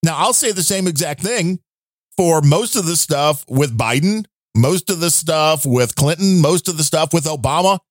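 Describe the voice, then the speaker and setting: A man hosting a podcast who jokes around, laughs often and talks to his listeners as folks. His voice is a little higher than most men's and very animated, and it sounds dry and close to the mic. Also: normal speed, no echo. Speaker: podcast host. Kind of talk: casual political chat.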